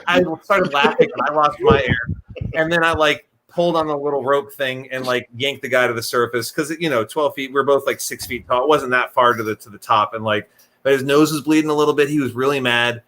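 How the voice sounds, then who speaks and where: A young man telling stories in casual chat, lively, acting out the voices of the people in them. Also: mid-range voice, fairly quick. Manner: animated, acts out voices in his stories. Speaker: podcast guest telling stories.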